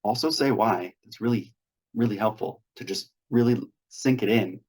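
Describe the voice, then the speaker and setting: A man's voice: fairly low pitch, moderate pace, a little mellow, breathy edge. A man hosting a weekly meetup on a video call, coaching earnestly and acting out sample dialogues. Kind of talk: instructional talk on a video call.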